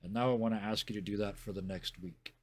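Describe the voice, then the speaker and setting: A man's voice: lowish voice, steady tone, fast, darkish tone. A man hosting a stream as game master, narrating a scene and then thanking players and chat in a chatty, self-deprecating way.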